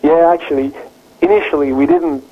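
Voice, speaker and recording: A man speaking as a software developer guest in a phone interview, halting and full of fillers and restarts. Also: a little high, steady tone. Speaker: open-source driver developer guest. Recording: tinny phone line, husky.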